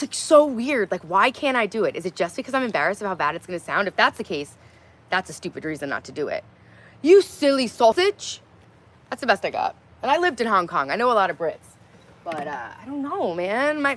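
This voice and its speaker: A woman's voice: mid-range voice, very animated, fairly quick, a bit bright. A woman in her thirties hosting a casual livestream, chatting bluntly with viewers, reading their comments aloud and swearing freely. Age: 30s. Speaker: livestream host. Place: outdoors in her garden.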